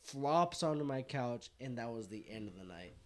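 A man's voice: mid-range voice, animated, moderate pace, darkish tone. A man casually telling a rowdy story to friends, swearing and laughing as he goes.

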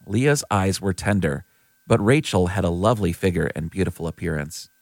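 A man giving a clear, steady scripted reading of scripture. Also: low voice, normal speed, no room sound. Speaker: scripture reader.

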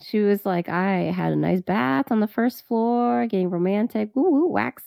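A woman's voice: mid-range voice, moderate pace, gravelly, mellow, clear, resonant tone, no echo, studio quality. A woman co-hosting a podcast in casual chat, swearing freely, laughing and acting out other people's words. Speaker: podcast co-host.

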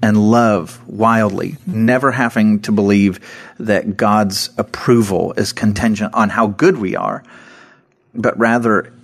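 A man's voice: fairly low pitch, slow, creaky. A man co-hosting a Christian podcast, talking earnestly about scripture and laughing now and then. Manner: earnest, laughs often, animated quotes. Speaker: podcast co-host. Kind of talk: casual devotional podcast talk.

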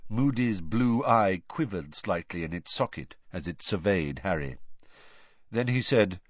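A man narrating an audiobook in a measured storytelling manner. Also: low voice, animated, no room sound. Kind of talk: scripted narration. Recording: dull dry recording.

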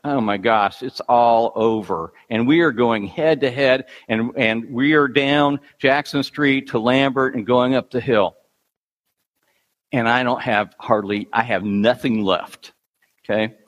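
A middle-aged man preaching a sermon as a pastor, telling a self-deprecating running story in an animated, storytelling way. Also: medium pitch. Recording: long hall reverb.

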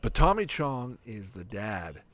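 A man's voice: lowish voice, a little slow. A man hosting a podcast, chatting casually and rambling, with frequent swearing. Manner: profane, rambling, animated. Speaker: podcast host reviewing a sitcom.

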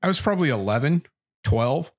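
A man from San Antonio co-hosting a casual chat, easygoing and quick to laugh. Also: medium pitch, expressive. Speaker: podcast co-host.

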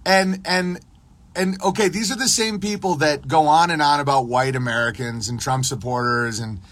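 A man's voice: medium pitch, fairly quick, fairly bright tone, no echo. A man hosting a casual livestream, talking in a rambling monologue full of restarts and acted-out dialogue. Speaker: podcast host.

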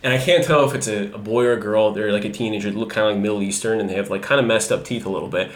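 A man's voice: fairly low pitch, fairly even intonation, racing. Rambling, swearing man in a roomy room. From Los Angeles. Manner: rambling storyteller, swears freely, laughs often. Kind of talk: casual chat. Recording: roomy echo.

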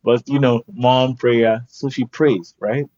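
Speaking slowly at a medium pitch, a male guest artist casually recounts a story, bringing it to life by acting out the quoted voices of the people involved. His animated telling comes through a dull lo-fi recording.

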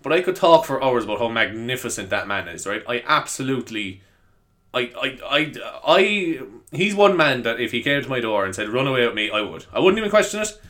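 A young man talks on his own podcast in a loose, rambling way. His voice is bright and sits in a middle pitch. He laughs often and swears casually. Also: very animated, brisk. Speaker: podcast host. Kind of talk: casual solo podcast chat.

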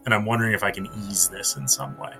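Male player, low and bright, full of questions. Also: expressive, fast talker, soft background music. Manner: asks questions, hedges with "like". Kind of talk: tabletop game play.

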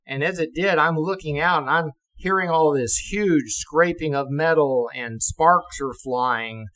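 A man's voice: a little high, unhurried, poor audio. Older man, retired navy officer, casual storyteller who swears and laughs. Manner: lively, acts out quotes, swears and laughs.

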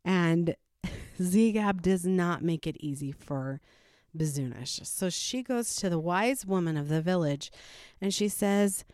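A woman's voice: on the low side, animated, slow, a little mellow, no echo, clean studio sound. A woman and adoptive parent chatting through a folktale retelling and her thoughts on it, laughing often. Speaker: adoptive parent sharing a story. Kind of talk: casual retelling and reflection.

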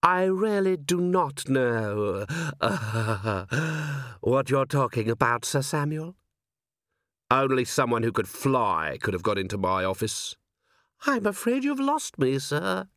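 A man voicing a sly, unruffled male vampire nobleman in mock-polite, drawn-out tones. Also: mid-range voice, big pitch swings, fairly bright tone, no echo, clean studio sound, heavily acted. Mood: unruffled evasive. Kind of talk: audiobook character voice.

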